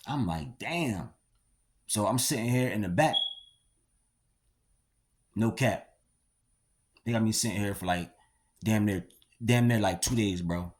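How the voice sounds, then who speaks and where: Slangy, low-voiced young man telling a story. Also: unhurried, pauses often. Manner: slangy, profane, rambling with many fillers. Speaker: storyteller recounting his past. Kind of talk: casual storytelling vlog.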